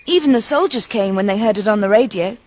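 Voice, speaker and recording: A woman reading a children's storybook aloud in a gentle, expressive way. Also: medium pitch, fast talker. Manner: gentle, expressive, varied pacing.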